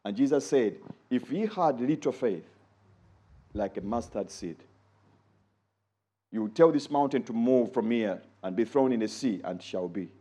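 A man preaching a sermon in an animated way, rising high when he quotes others and dropping low for asides. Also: measured pace, long pauses.

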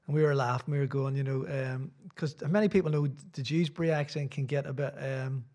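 Middle-aged Irish preacher, chatty and rambling, mid-pitched male voice, church talk. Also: steady tone, fairly quick, darkish tone. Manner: rambling, self-deprecating, chatty asides. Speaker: visiting preacher. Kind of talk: sermon with casual chat.

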